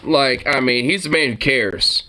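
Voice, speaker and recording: A man giving casual, animated reaction commentary on gun videos, swearing often and laughing at the clips. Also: mid-range voice, a little slow, slight background noise.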